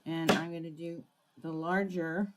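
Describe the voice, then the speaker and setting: A woman's voice: deep voice, little pitch movement, measured pace, heavy background noise. Chatty woman demonstrating a craft project. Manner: chatty, greets live viewers by name. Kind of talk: live crafting tutorial.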